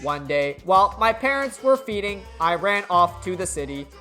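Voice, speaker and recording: A man voicing a small, shy male robot, telling his story in a halting, earnest way. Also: sits high, very animated, sharp tone, soft background music, full character voice.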